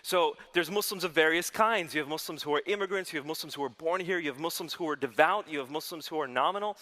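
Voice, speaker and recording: Young American male speaker, earnest and lightly funny, with a forceful tone that echoes through a large hall. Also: fairly high pitch, quick pace. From United States. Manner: earnest, gently humorous storyteller. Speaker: Christian speaker giving testimony. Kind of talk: public testimony talk with prayer. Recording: long hall reverb.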